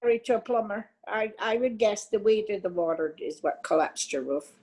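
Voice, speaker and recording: A woman's voice: medium pitch, animated, normal speed, a little mellow, poor audio. An older woman from Ireland, a dance teacher telling stories as an interview guest, chatty and laughing easily, often restarting her sentences. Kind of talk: casual storytelling in an interview.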